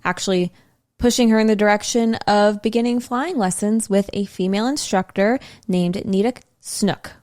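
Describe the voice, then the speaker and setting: A woman's voice: mid-range voice, moderate pace, darkish tone. Chatty woman history podcaster. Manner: chatty, giggly, drifts into side remarks. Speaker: podcast host telling a history story. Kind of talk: casual storytelling chat.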